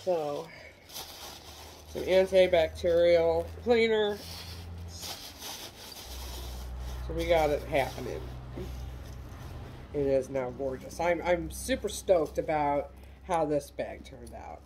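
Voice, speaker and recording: A woman's voice: low voice, slow, pauses often, warm tone, slight background noise. A middle-aged woman from the United States chatting casually as she shows handbags for sale, folksy and self-deprecating. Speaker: online reseller showing handbags. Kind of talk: casual product show-and-tell.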